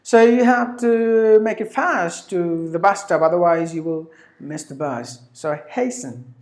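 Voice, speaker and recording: Woman teaching pronunciation, slow and repetitive, recorded in an echoey room. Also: on the low side, darkish tone. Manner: slow, repeats words many times, frequent fillers. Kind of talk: online pronunciation lesson.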